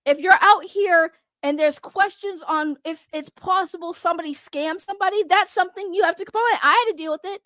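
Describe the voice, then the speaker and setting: A woman YouTuber ranting in a heated, mocking, profane way to her viewers, often surging loud and fast. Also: extremely high pitch, dry recording. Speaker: drama commentary YouTuber. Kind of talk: heated rant to camera.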